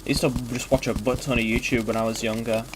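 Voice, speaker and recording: A man's voice: mid-range voice, little pitch movement, fast talker, noisy background. Rambling, swearing young man streaming a game. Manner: rambling, filler-heavy, swears casually. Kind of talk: casual gaming stream chat.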